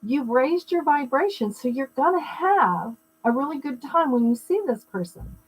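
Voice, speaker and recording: A woman's voice: high-pitched, lively intonation, normal speed, rough recording. A middle-aged woman giving a live-streamed teaching talk on personal growth, explaining in a conversational way with personal anecdotes and asides to viewers. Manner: greets viewers mid-talk. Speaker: spiritual wellness teacher.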